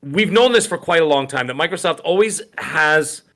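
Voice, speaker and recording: A middle-aged man co-hosting a gaming podcast in rambling, animated casual chat with many restarts. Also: on the high side, moderate pace. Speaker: podcast co-host.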